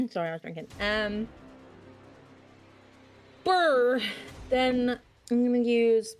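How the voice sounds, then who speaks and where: A woman's voice: a little high, expressive, slow, darkish tone, soft background music. A woman playing a tabletop game, thinking aloud about her turn and giggling often. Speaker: player.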